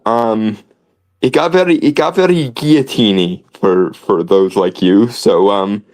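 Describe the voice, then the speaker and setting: A man's voice: mid-range voice, animated, measured pace, darkish tone, low-quality recording. A man co-hosting a podcast in casual commentary, sardonic and wordy, often restarting phrases. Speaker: podcast co-host.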